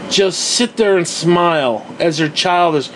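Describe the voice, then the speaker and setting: A man's voice: high voice, a little slow, a bit bright, slight background noise. A young man hosting a podcast, ranting in a casual, profane, exasperated and rambling way. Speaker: podcast host.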